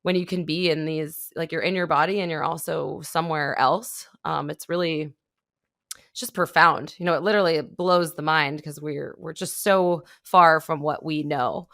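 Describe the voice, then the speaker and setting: A woman's voice: low voice, normal speed, dry recording. Young woman hosting a podcast, dry sound. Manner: animated storytelling, with laughs and acted-out quotes. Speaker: podcast host. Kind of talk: conversational interview.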